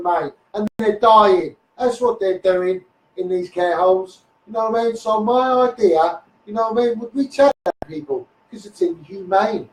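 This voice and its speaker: A man's voice: sits high, a little mellow, far from the mic. A man with a Scouse accent ranting heatedly on a live stream, repeating himself and calling the listener mate. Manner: heated, repetitive, keeps saying "mate" and "you know what I mean". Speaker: self-styled campaigner. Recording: echoey room, voice off the mic.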